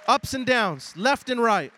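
A man in his thirties preaching a sermon, moving between loud emphatic lines and quiet low asides. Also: sing-song, measured pace, a faint crowd. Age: 30s. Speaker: pastor.

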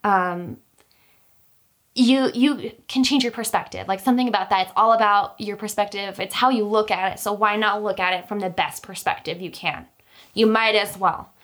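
A woman's voice: mid-range voice, normal speed, fairly bright tone. A young woman telling a personal story in casual chat, talkative, with many fillers and restarts. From Utah, US.

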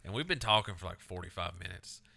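A man co-hosting a casual chat podcast, telling animated stories, mimicking friends and swearing freely. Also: sits low, quick pace, creaky. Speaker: podcast co-host.

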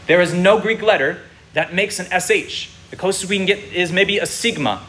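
A man's voice: high voice, normal speed, a bit bright. A man preaching to his congregation, explaining patiently and checking in with his listeners. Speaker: pastor teaching a congregation. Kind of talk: sermon. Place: congregation room.

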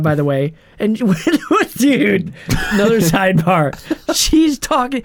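Podcast co-host, male, lively and sarcastic, dry close-miked sound. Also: high-pitched, no room sound. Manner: animated, quick asides and mocking line readings. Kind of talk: casual movie-review chat.

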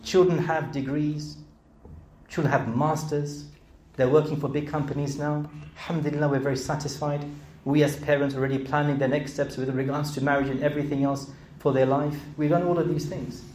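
A man's voice: on the high side, little pitch movement, a little fast, darkish tone, a little hiss or hum. Earnest British man preaching in an echoey room. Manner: earnest rhetorical questioning, rising to emphatic peaks. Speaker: speaker. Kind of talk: sermon.

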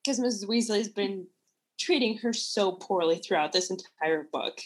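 A woman's voice: medium pitch, normal speed, husky. Woman co-host in casual book chat. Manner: enthusiastic, laughs often. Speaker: podcast co-host.

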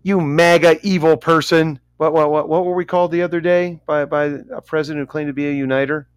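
A man's voice: a little high, level tone, fast, darkish tone, smooth, no room sound. A man co-hosting a casual podcast chat, rambling, stumbling over names and making self-mocking asides. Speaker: podcast co-host.

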